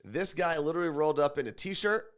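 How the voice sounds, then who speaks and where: A man's voice: on the high side, lively intonation, quick pace, a crowd in the background. A man co-hosting a morning show, chatting casually and with strong opinions, often repeating words as he thinks. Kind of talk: casual radio show banter.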